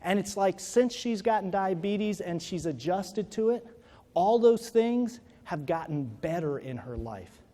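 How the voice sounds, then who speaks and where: A motivational speaker with a dark-toned, high-pitched voice speaks a little slowly but animatedly during a keynote in an echoing hall. His speech begins with a personal story and grows into emphatic appeals.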